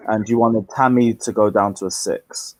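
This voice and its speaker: A man hosting a casual panel over a call, calmly moving the discussion along and asking each person for their view. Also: lowish voice, normal speed, no echo. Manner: easygoing, moves things along. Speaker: host. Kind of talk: casual chat moderating a panel.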